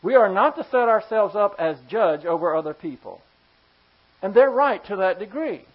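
A preacher delivers a forceful sermon and keeps turning to the congregation with pointed rhetorical questions. The voice sits at a middling pitch. The recording sounds a little dull and lo-fi. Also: expressive, moderate pace. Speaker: pastor.

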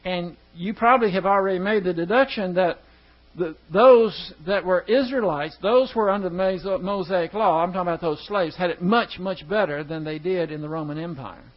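A high-pitched man leads a Bible study, stumbling over words and starting them over as he explains a verse. He puts questions to his listeners as he goes. The recording sounds dull and muffled. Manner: halting, stumbles and restarts words; asks the class rhetorical questions. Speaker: Bible teacher. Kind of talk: evening Bible study teaching.

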